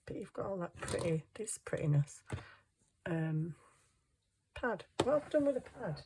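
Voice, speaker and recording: A woman's voice: fairly low pitch, very animated, normal speed, background noise. A woman chatting casually while crafting at home, tired, ditzy and giggly, muttering to herself as she hunts round her desk. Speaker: craft vlogger.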